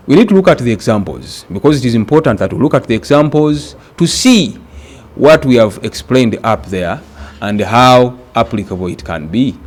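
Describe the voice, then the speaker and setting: A Ugandan man teaches a grammar lesson for exam preparation, speaking deliberately and repeating words for emphasis. His voice is medium in pitch.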